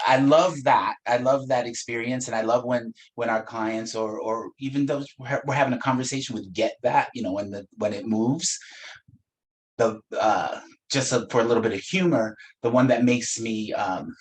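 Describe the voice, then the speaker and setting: A man teaching a spiritual practice in a gentle, unhurried way, with playful asides and frequent soft laughs. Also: mid-range voice, rough recording. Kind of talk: reflective spiritual talk.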